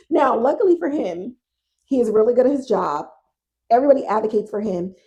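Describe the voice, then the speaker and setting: A woman hosting a casual TV recap podcast, animated and exasperated, swearing freely and talking to listeners as y'all. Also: sits high, moderate pace, low-quality recording. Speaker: podcast host.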